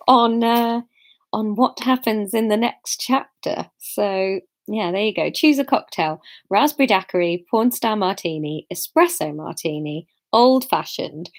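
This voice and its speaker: A woman in her thirties, hosting a casual livestream, chatty and rambling with sudden excited jumps in pitch. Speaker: host reading out audience votes.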